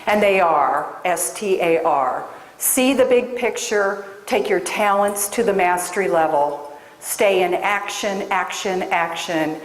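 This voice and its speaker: A woman from Des Moines gives a keynote talk to a live audience, slow and deliberate, pressing each point home. Her voice rings out in a large hall with a long, roomy echo. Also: on the low side. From Des Moines, Iowa. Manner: emphatic, storytelling, addresses audience. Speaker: career coach and speaker. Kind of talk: keynote speech.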